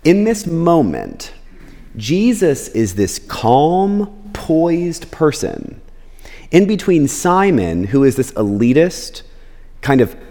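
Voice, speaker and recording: A man preaching a sermon as a pastor, talking casually and often checking in with "right?", and he jumps in pitch when acting out quotes. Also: warm tone. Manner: conversational, keeps asking "right?". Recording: long reverb of a large hall.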